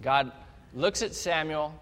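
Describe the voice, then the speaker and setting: A male pastor preaching a sermon, telling the story with animated energy and speaking straight to the congregation. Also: fairly high pitch, slow. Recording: long hall reverb.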